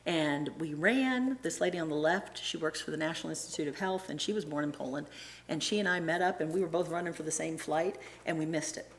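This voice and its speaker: Low, gravelly-voiced woman telling stories. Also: a little hiss or hum. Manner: animated, acts out quoted voices, frequent restarts. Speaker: church presenter and Sunday school teacher. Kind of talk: casual storytelling talk.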